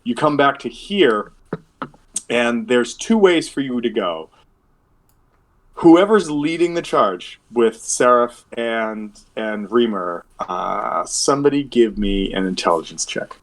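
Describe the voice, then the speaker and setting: A man's voice: medium pitch, expressive, slow. A man running a tabletop game as game master, rambling with many fillers and restarts. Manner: rambling, filler-heavy, self-correcting.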